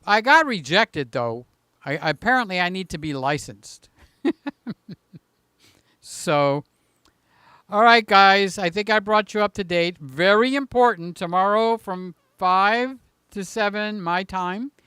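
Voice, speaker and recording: An older man hosting a casual live stream, joking and teasing, swinging between loud bursts and quiet asides. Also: high-pitched, slow, clear, resonant tone, dry recording, studio quality.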